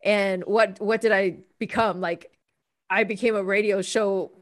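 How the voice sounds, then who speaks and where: A woman's voice: mid-range voice, fairly even intonation, a little slow. A woman co-hosting a podcast, a former radio host, chatting easily in a casual conversation.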